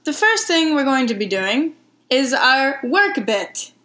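A young woman co-hosting a casual podcast, telling stories with lively voiced asides. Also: high-pitched, slow pace. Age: young adult. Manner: animated storytelling with voiced asides. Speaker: podcast co-host. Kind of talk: casual chat.

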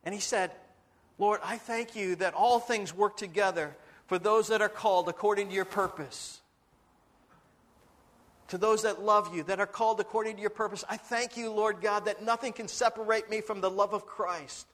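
High-voiced pastor telling a story. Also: male voice, steady tone, normal speed, fairly bright tone. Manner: earnest, dramatic retelling with quoted dialogue. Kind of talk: sermon storytelling.

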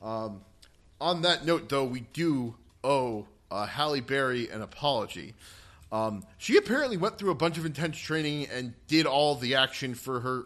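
A man's voice: mid-range voice, fairly bright tone. A man co-hosting a casual gaming podcast, rambling with many fillers and restarts. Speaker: podcast co-host.

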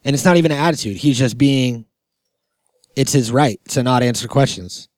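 A male podcast co-host tells stories in a loose, rambling way, padding them with fillers and swearing often. His voice sits at an ordinary middle pitch. The sound is close and dry, with no room behind it. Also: moderate pace, darkish tone, no room sound. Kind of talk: casual chat.

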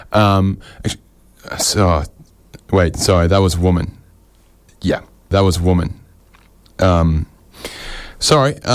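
A man doing an absurd stand-up set, rambling and deadpan, often interrupting himself. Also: lowish voice. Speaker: stand-up comedian.

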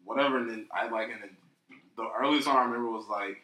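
A young man chatting casually and profanely on a podcast, rambling and animated. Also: mid-range voice, quick pace. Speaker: podcast co-host. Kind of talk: casual chat. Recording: echoey room.

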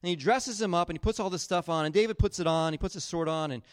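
A man preaching a sermon, retelling a Bible story in a casual, animated way with acted-out quotes. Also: high voice, fast talker, dry recording, clean studio sound. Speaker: pastor.

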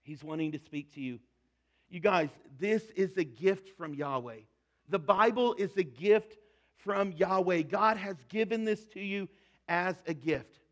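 A middle-aged man preaches a sermon with a fairly high voice. He talks earnestly and conversationally, sometimes dropping to a soft, hushed tone for emphasis. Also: measured pace. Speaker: pastor.

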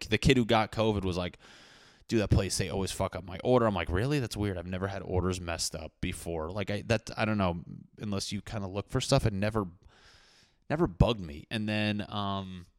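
A man's voice: fairly low pitch, fairly quick, no room sound, studio quality. A young man telling a rambling, profane, jokey story to his viewers. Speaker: vlogger. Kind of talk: casual storytelling to camera.

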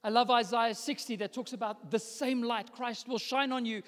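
High-voiced young pastor in a reverberant hall. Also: male voice, fairly even intonation, normal speed. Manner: builds from hushed to loud declarations. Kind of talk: sermon. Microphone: microphone.

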